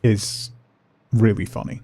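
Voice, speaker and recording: A man chatting casually with his viewers while playing a game on a livestream, relaxed and rambling. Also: slow, no room sound. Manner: relaxed, rambling, talks to chat. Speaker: streamer.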